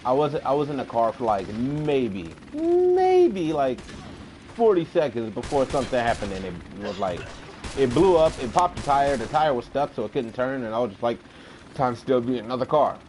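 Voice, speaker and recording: A man's voice: mid-range voice, lively intonation, a little fast, darkish tone. A man streaming a game, talking loosely in long rambling rants. He swears freely and gets worked up over small things. Faint gunfire crackles in the background. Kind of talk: casual gaming chat.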